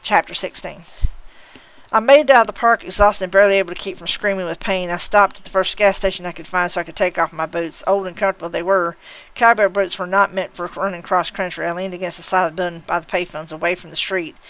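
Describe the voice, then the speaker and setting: A woman streamer reading a novel aloud live, unhurried, with occasional slips and self-corrections. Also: on the low side, steady tone, fairly bright tone, poor audio.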